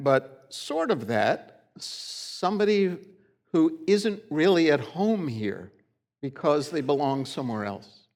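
A middle-aged man preaching a sermon in a church, in a conversational, folksy storytelling way. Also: mid-range voice. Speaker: pastor. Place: church sanctuary.

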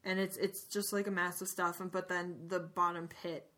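Animated young woman podcast co-host. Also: on the low side, moderate pace. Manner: animated, swearing, drops into flat reading voice for quotes. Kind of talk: casual chat, retelling and reading book passages aloud.

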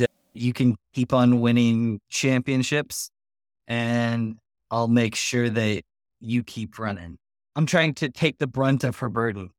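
A man playing a tabletop role-playing game, describing his character's actions and speaking for him, with frequent pauses and fillers. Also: medium pitch, clear, resonant tone, no echo, studio quality. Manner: slow, halting, many fillers and restarts, laughs often. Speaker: player.

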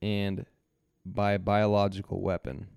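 A man's voice: fairly low pitch, flat delivery, slow, vocal fry, darkish tone, clear, resonant tone, dry recording, studio quality. A man co-hosting a podcast, telling a story in casual chat, rambling with restarts and frequent laughter. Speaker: podcast co-host.

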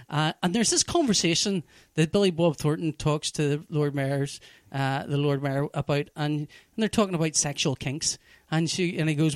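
A man telling a TV plot in casual chat, animated and profane, full of restarts. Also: a little high, normal speed, no room sound, clean studio sound. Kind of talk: casual chat, recapping a TV show.

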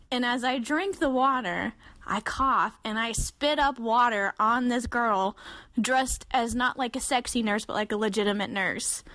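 A woman in her twenties, a podcast co-host, telling a story in a casual, animated way and acting out the voices she quotes. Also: dry recording. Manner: animated, acts out quoted voices with big jumps in pitch.

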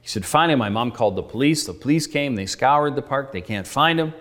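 Pastor preaching in a reverberant hall. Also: male voice, mid-range voice, lively intonation, fast, fairly bright tone. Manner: earnest, conversational, acts out dialogue. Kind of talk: sermon storytelling. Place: church sanctuary.

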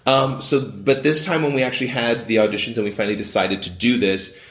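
A man's voice: mid-range voice, fairly even intonation, fast talker, a bit bright. A man, a playwright and director, talking casually in an interview, rambling with many restarts. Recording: echoey room.

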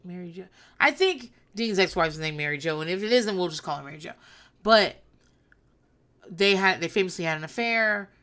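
A woman's voice: fairly low pitch, animated, normal speed, fairly bright tone. A woman in her thirties hosting a solo podcast, telling stories bluntly and profanely with a rambling, candid delivery. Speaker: podcast host.

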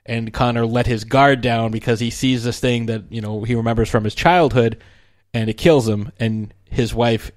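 A man's voice: mid-range voice, steady tone, normal speed, no echo, clean studio sound. A man chatting casually about movies, rambling with lots of fillers and restarts. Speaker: film commentator. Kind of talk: casual film discussion.

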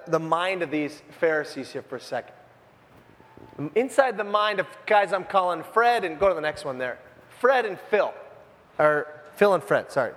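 A man with a notably high voice preaching a casual, animated sermon to his congregation. He talks informally and tosses in jokey asides. A long reverb from the church hall trails each phrase. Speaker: pastor. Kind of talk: conversational sermon. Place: church sanctuary.

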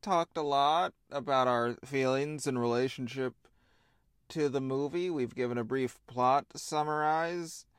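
A man co-hosting a casual podcast chat, animated and laughing, with frequent swearing and quick asides. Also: mid-range voice, clear, resonant tone, dry recording, clean studio sound. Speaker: podcast co-host.

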